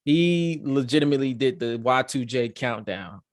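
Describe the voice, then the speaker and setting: Guy hosting a podcast, hyped and swearing a lot, keeps restarting sentences, mid pitch. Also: moderate pace, no room sound, clean studio sound. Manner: excitable, profane, rambling with repeated restarts. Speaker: podcast host. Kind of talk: casual wrestling review chat.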